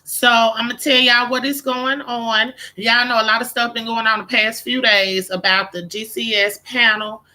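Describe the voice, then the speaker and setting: A woman's voice: fairly high pitch, steady tone, normal speed, few pauses, sharp tone. A woman hosting a casual live stream, greeting viewers by name, blunt and profane.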